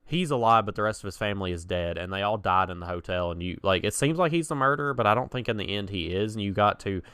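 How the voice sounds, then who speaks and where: Young male podcast co-host, low-ish smooth voice, dry close mic, chatty storyteller. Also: fast, a bit bright, dry recording. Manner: chatty storyteller, laughs at own stories. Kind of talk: casual podcast chat.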